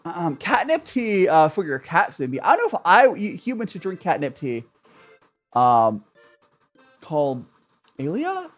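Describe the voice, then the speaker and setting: A livestreamer in casual chat who rambles from thought to thought and greets viewers by name. The voice is middle-pitched and swings up and down a lot. Faint music plays behind. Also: huge pitch swings, unhurried, pauses often. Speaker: tea-drinking livestreamer.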